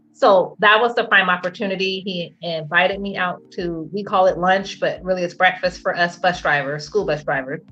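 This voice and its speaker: A middle-aged woman from the telling her story as an interview guest, animated and laughing, acting out quotes in a high voice. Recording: dull lo-fi sound with faint music.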